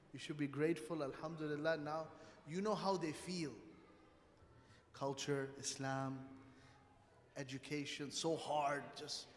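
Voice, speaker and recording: A man's voice: a little high, a little hiss or hum. A middle-aged man giving a Friday talk at a mosque, telling family stories and acting out the voices of father and son. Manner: animated storytelling, acts out family dialogue. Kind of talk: sermon with personal stories. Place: mosque prayer hall. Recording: echoey hall livestream.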